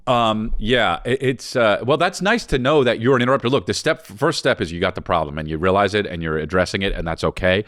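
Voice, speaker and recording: A man's voice: fairly low pitch, brisk, hardly any pauses, fairly bright tone, no room sound, clean studio sound. A man co-hosting a comedic advice podcast, rambling and joking as he talks. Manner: rambling, jokey. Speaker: podcast co-host and touring comedian. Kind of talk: casual comedic chat.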